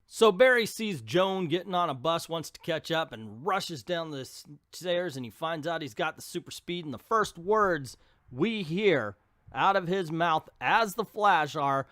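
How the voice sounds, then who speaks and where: A man tears into an old comic with casual, mocking commentary. His fairly high voice swings up and down all the time. The sound is close and dry, with no room echo. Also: animated, normal speed, a bit bright. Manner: sarcastic, mocking. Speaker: comic book reviewer.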